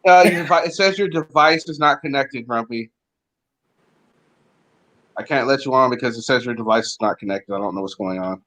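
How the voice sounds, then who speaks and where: A man's voice: medium pitch, a little fast, pauses often, fairly bright tone. A man hosting a casual call-in chat, laid-back, laughing easily and repeating himself. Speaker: host.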